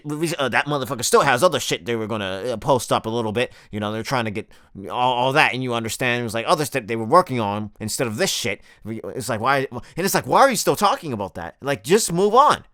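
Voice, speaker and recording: A man's voice: medium pitch, expressive, fast, fairly bright tone, dry recording, studio quality. A young man delivering a profane comedic rant as the host of a comedy video, swearing constantly and exaggerating for laughs.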